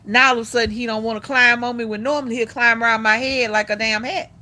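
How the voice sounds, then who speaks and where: Chatty woman livestreamer, bright voice. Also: a little high, fairly even intonation, fast talker. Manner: chatty, talks to viewers as y'all; sing-song coaxing to her dog. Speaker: livestream host. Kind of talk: casual livestream chat.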